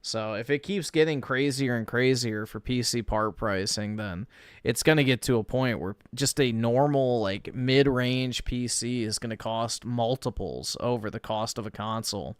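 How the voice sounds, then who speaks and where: A man's voice: mid-range voice, clean tone, dry recording. A man chatting casually on a stream, giving blunt, matter-of-fact opinions with some swearing. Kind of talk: casual chat.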